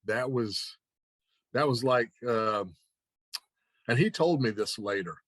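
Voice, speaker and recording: A man tells a story in a relaxed, chatty way, acting out each exchange in the voices of its speakers. His voice sits at an ordinary middle pitch. The recording is close and dry. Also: slow, dry recording. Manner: animated anecdote telling with laughs and quoted dialogue. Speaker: interview guest. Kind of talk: casual storytelling.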